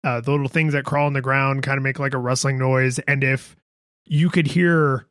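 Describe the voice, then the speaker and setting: A man co-hosting a casual podcast about video games, chatty and quick to laugh. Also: medium pitch, steady tone, a bit bright, dry recording, clean studio sound. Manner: chatty, laughs easily, does little sound effects. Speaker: podcast co-host.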